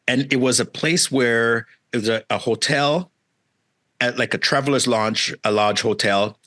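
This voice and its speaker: Middle-aged jamaica-born guy chatting, super animated, tags "right?" and "man" on everything. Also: fairly low pitch. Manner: animated, acts out quoted voices, frequent "right?" and "man". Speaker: entrepreneur guest. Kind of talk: casual storytelling interview.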